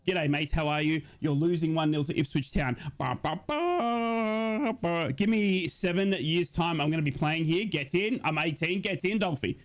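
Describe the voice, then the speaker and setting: A man hosting a football watch-along stream, casually chatting and reading out viewer messages in a rambling, excitable way. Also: fairly high pitch, moderate pace, hardly any pauses.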